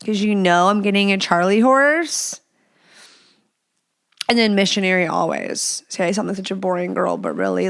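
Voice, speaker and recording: A woman's voice: medium pitch, moderate pace, gravelly. A woman hosting a podcast, talking in a frank and blunt way as she answers listener questions, swearing freely and using lots of fillers. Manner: chatty with many fillers. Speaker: podcast host.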